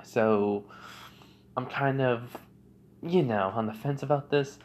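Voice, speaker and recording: A young man narrates fan fiction off the cuff in a mid-pitched voice. He rambles, restarts sentences and leans on fillers as he goes. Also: slow, darkish tone, a little hiss or hum. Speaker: fan storyteller.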